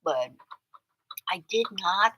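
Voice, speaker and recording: A woman hosting a livestream, telling a story to her chat in a chatty way that swings from loud outbursts to muttered asides. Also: on the low side, expressive, slow pace, background noise. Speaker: livestream host. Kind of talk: casual storytelling to a live chat.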